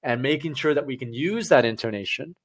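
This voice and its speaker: A man teaching test preparation on a live stream, talking straight to viewers in an energetic, direct way. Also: mid-range voice, fairly quick.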